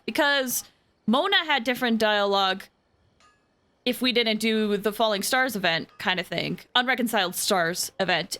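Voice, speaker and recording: A woman's voice: medium pitch, fairly bright tone. A woman game streamer giving casual commentary in a chatty, rambling, scattered way. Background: game music.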